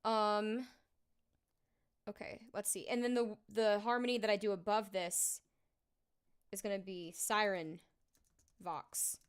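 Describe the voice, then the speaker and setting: A woman's voice: mid-range voice, steady tone, slow, pauses often, clean tone. A woman singer talking casually on a live stream while recording her vocals, thinking aloud with lots of fillers.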